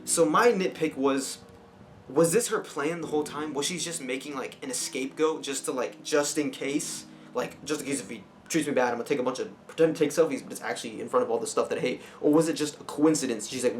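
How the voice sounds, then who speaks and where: A man talks through a movie review in a loose, rambling way, circling back and restarting his sentences. His pitch sits in an average middle range. Guitar music plays clearly behind him. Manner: rambling, lots of fillers and restarts. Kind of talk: casual spoken movie review.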